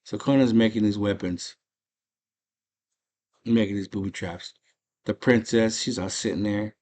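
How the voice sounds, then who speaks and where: A man's voice: fairly low pitch, unhurried, a little mellow. Slangy man recapping a movie. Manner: slangy, enthusiastic storytelling. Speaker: movie channel host.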